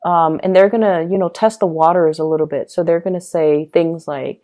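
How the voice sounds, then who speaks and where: A woman's voice: fairly low pitch, fairly even intonation, brisk, hardly any pauses, dark tone. A woman giving a casual pick-a-card tarot reading, talking loosely with fillers and frequent "okay?" check-ins. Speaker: tarot reader.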